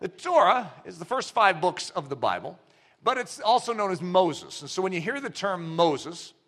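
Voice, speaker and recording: A man preaching a sermon, telling a story with acted-out dialogue in an animated way. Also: high-pitched, normal speed.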